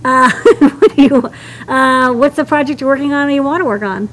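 A bubbly woman co-hosts a live stream in a casual, easy chat, her voice sitting fairly high. She is playful and upbeat. A faint hum of noise sits behind her. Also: brisk, a bit bright, low-quality recording. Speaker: co-host.

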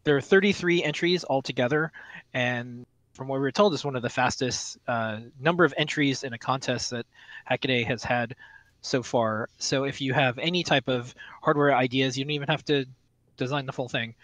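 A man's voice: medium pitch, moderate pace, a bit bright, no echo, poor audio. Chatty man reading community news. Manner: chatty, rambling. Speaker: co-host. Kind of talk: casual community news chat.

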